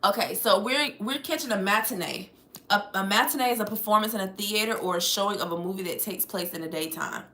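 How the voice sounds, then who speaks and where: Recorded from a distance, with a roomy sound and her voice off the mic, an American woman talks casually with live-stream viewers while moving around her home. She swears offhandedly, speaking at medium pitch, a little fast, in a bright, forceful tone.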